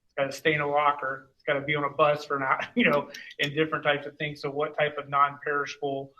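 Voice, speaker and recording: A man reports as superintendent at a school board meeting. He rambles in a loose, conversational way. His voice is bright and slightly high, with a flat pitch. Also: quick pace, dull audio. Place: meeting room.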